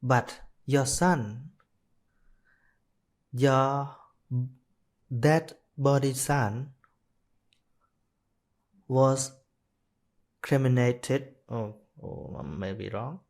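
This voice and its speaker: Slow, hesitant man telling a teaching story. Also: mid-range voice, darkish tone. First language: Khmer. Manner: slow, hesitant, with many restarts and self-corrections. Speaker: Buddhist monk teaching dharma. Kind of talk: live dharma talk, telling a story.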